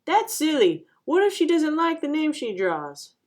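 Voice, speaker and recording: A woman reading aloud and voicing an excitable young schoolboy who speaks loudly, with a raised pitch. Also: measured pace. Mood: scoffing. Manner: loud, excited.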